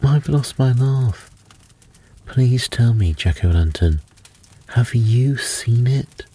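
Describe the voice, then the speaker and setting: Man playing a scared little male elf, anxious, higher voice, slow and pleading, storybook. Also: expressive, dark tone, husky. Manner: plaintive, anxious. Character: small frightened male pixie elf.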